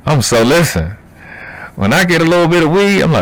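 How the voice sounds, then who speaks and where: A man's voice: a little high, sing-song, brisk, no echo. A man from Baltimore with a Baltimore accent, chatting casually and profanely on a livestream while answering chat. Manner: loose, profane, laughing, reading chat aloud. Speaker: livestream host.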